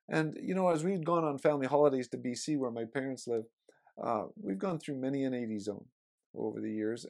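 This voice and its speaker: Gravelly-voiced man preaching. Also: medium pitch, darkish tone. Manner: storytelling, conversational preaching. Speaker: pastor. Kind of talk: sermon.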